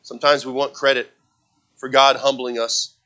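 A man's voice: medium pitch, little pitch movement, moderate pace, lo-fi sound. A man preaching a sermon, quoting scripture and driving his points home with emphasis. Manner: emphatic preaching, rising and falling loudness, quotes scripture.

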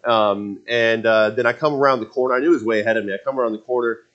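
A man's voice: mid-range voice, steady tone, fast, fairly bright tone. A man in his forties telling a casual personal story, rambling with many restarts and fillers. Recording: dull lo-fi sound.

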